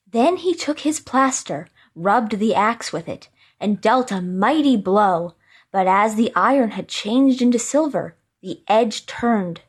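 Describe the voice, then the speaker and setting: A woman reading a classic fairy tale aloud as narrator, clearly and expressively. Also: medium pitch, animated, a little slow. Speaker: storyteller. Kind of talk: storybook reading.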